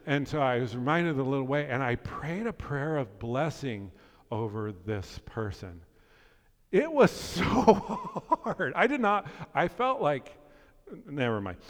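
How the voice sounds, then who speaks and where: A man preaching a sermon, telling stories in an animated way and laughing at his own jokes. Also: mid-range voice, in a large hall.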